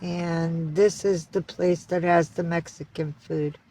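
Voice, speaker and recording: A woman's voice: on the low side, steady tone, slow, warm tone, a little hiss or hum, low-quality recording. A woman on a casual livestream, cooing baby talk to her cats.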